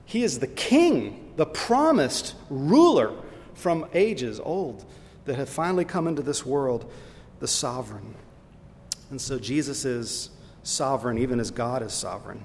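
A man preaches in a mid-pitched voice, throwing questions to his listeners and stressing each point. His voice carries a long reverb through the hall. A faint low rumble sits underneath. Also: creaky. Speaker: pastor. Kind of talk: sermon.

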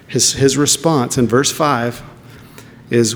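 A man's voice: medium pitch, fairly even intonation, takes it slowly, gravelly, a little hiss or hum. A man preaching a sermon, emphatic and questioning, repeating words as he searches for them. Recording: long hall reverb.

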